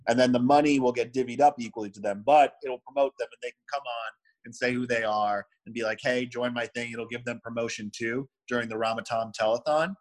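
A man's voice: medium pitch, fast, few pauses, poor audio. A man co-hosting a podcast, chatting casually in a rambling way and laughing often. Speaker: podcast co-host. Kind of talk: casual chat.

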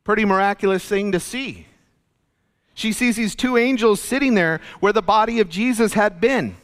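A male pastor giving an earnest, conversational sermon, going soft and low when quoting figures, recorded in a church. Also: moderate pace. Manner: earnest, conversational preaching, drops soft and low for quoted lines. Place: church sanctuary. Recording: long reverb of a church hall.

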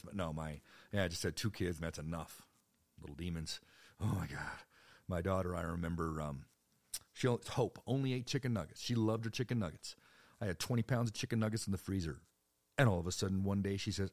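A man's voice: quick pace, no echo. A man in his thirties telling rambling personal stories in a casual way, jumping into voices for other people. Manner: rambling and animated, jumps into high-pitched voices for other people. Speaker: storyteller.

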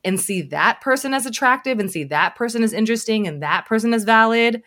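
A woman hosting a casual conversation, telling candid stories in an animated way with many fillers. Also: on the high side, fairly quick.

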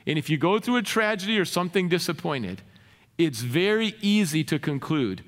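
A man delivers a sermon in an earnest pastor's manner, often turning to the congregation with rhetorical questions. His voice sits a little high and swings widely in pitch. A long reverb trails after each phrase, as in a big hall. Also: big pitch swings, normal speed.

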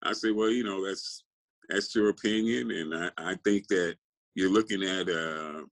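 A man's voice: low voice, a little slow, poor audio. A man in his sixties from California, a guest telling rambling, profane stories in casual interview chat.

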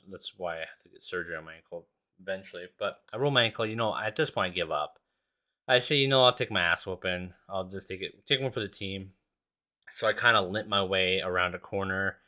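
A man's voice: on the low side, bright, forceful tone. A man hosting a podcast, telling a long story in a casual, rambling and profane way. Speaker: podcast host.

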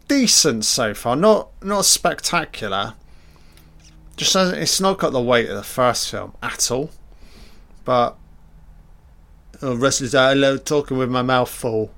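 A man's voice: mid-range voice, fairly bright tone. A man giving a casual, crude running commentary on a film. He swears freely and is sardonic. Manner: mimics characters in mock voices.

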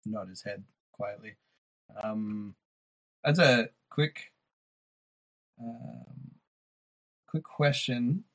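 Slow husky man at a game table. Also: medium pitch. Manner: slow, hesitant, with fillers. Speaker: player.

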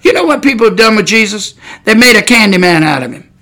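A man preaching a sermon on a podcast, blunt and folksy, firing rhetorical questions and breaking into sudden shouts. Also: high-pitched, lively intonation, quick pace.

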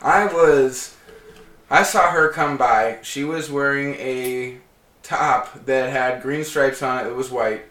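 A man's voice: medium pitch, takes it slowly. A man in casual chat, telling a long story and acting out the quotes in it. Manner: animated storyteller, acts out quotes. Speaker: guest. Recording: echoey room, distant mic.

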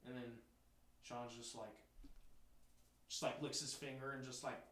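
Young dude swearing his way through a podcast story, middle pitch, echoey room. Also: flat delivery, measured pace, a bit bright, recorded from a distance. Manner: profane, rambling, acts out quotes. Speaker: podcast host. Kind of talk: casual storytelling chat. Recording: roomy echo.

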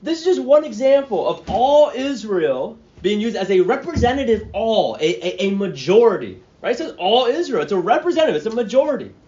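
A pastor with a notably high voice works through a Bible passage as if talking with friends. He keeps asking "right?" and "okay?" and trips over restarts as his thoughts run ahead. The recording sounds muffled and lo-fi. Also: big pitch swings, fairly quick, few pauses, warm tone. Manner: conversational, checks in with "right?" and "okay?"; stammers and restarts mid-phrase. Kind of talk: expository sermon. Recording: dull lo-fi sound.

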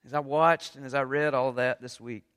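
A man preaching a sermon with passion, going from quiet talk to loud appeals. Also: medium pitch, fairly even intonation, normal speed, clean tone, in a large hall. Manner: impassioned, rises from quiet to loud. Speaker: pastor.

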